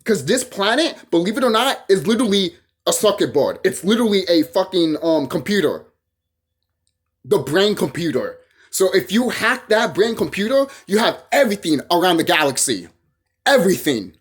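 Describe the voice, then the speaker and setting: Vlogger, ranting solo to camera: husky voice, pitch swinging wide, profane and repetitive. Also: sing-song, moderate pace. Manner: heated, profane, repeats phrases and restarts.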